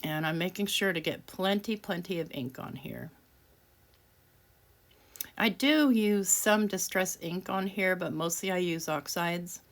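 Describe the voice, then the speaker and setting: A woman with a lowish voice takes her time as she leads a craft tutorial in a casual voice-over. Working away, she chats loosely, jokes at her own expense, and frequently breaks into laughter.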